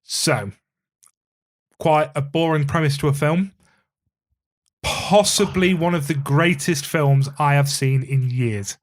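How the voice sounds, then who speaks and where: A man's voice: a little high, takes it slowly, long pauses. A man co-hosting a podcast, chatting casually about a film, swearing now and then and acting out bits of dialogue. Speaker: podcast co-host.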